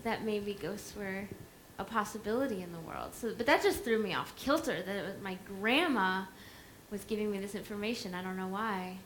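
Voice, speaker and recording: Woman, high bright voice, animated panel storyteller; faint room noise. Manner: animated, fast, halting with restarts. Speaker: filmmaker at a premiere Q&A. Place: venue at a film premiere.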